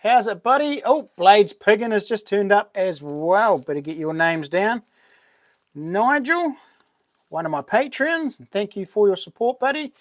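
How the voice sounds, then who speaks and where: A man's voice: sits high, animated, measured pace, no room sound, studio quality. A man with a New Zealand accent hosting a livestream, chatting casually and upbeat, greeting viewers as buddy and mate. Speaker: livestream host. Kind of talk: casual chat greeting live chat.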